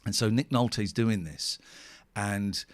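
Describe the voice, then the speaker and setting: A man's voice: on the low side, takes it slowly, dry recording. A middle-aged man hosting a radio show, chatting casually and rambling emotionally, worn out and close to tears. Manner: emotional, rambling, tearful at times. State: tired. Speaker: radio host. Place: radio studio. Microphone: studio microphone.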